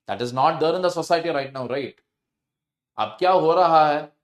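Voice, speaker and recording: A man's voice: a little high, very fast. Indian-accented male teacher, echoey room. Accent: Indian English. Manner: mixes Hindi into English, asks the class rhetorical questions. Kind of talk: recorded lecture.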